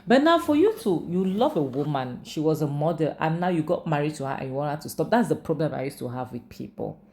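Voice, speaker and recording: Low-voiced woman chatting through a story recap. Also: big pitch swings, fast talker, a little mellow. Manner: chatty, rambling, emphatic asides. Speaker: movie reviewer. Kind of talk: casual storytelling recap with personal opinions.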